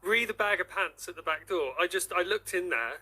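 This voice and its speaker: A man's voice: high voice, expressive, a little fast, pushed and bright, poor audio. A man presenting on a casual radio show, joking and self-deprecating.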